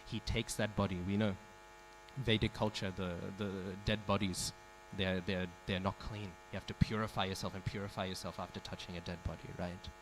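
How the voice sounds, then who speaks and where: A man's voice: low voice, flat delivery, a little fast, a little hiss or hum, rough recording. Man telling a devotional story in class. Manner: storytelling, asks the audience questions, acts out quoted speech. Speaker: speaker giving a scripture class. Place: temple hall.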